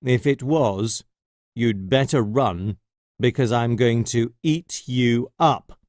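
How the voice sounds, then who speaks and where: A man's voice: mid-range voice, a little mellow, no echo, clean studio sound, close to an everyday voice. A man voicing a big, grumpy and boastful male lion who growls and mutters. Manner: growling, slow.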